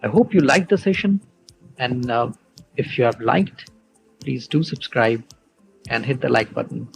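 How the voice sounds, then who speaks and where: Male language teacher, unhurried delivery, gravelly texture, patient step-by-step explaining. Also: medium pitch, faint music behind, rough recording. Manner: slow, patient explaining with spelled-out letters. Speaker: Spanish teacher. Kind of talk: online language lesson.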